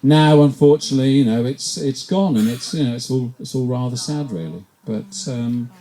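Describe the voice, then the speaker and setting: A man's voice: mid-range voice, normal speed, mellow. A man from England doing a stand-up set at a pub comedy night, rambling and self-deprecating, often tripping over and repeating his words.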